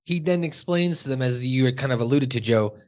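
A man's voice: mid-range voice, brisk, a little mellow. A man hosting a podcast and recapping an episode in casual, rambling chat with lots of fillers and the odd swear.

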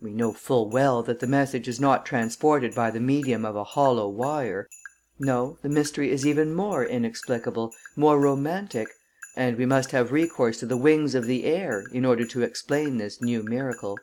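A woman's voice: extremely low pitch, a little mellow, a little hiss or hum. Woman reading an audiobook evenly. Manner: measured and formal. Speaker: audiobook reader. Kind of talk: audiobook narration.

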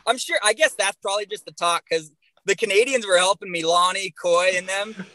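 A young man, a bull rider guest on a podcast, telling stories in an animated way and swearing constantly. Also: high voice, fairly quick, no echo, rough recording. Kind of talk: profane storytelling on a podcast.

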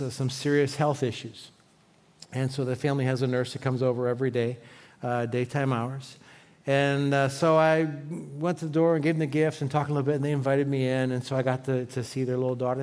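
A man's voice: mid-range voice, darkish tone, smooth, long reverb tail. A man preaching a sermon as pastor, talking conversationally and asking the congregation questions.

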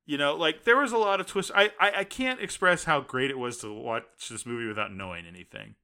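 A man co-hosting a casual podcast chat, retelling a film with excited, animated quoted reactions. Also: mid-range voice, brisk, smooth. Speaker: podcast co-host.

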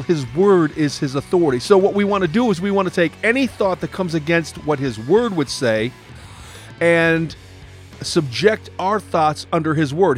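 A man giving an emphatic devotional teaching, acting out short voices in quick asides. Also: a little high, no echo. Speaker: preacher.

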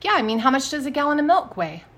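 Animated woman telling stories on a podcast. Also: sits high, fast. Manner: animated storyteller, acts out quotes. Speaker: podcast co-host. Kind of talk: casual chat.

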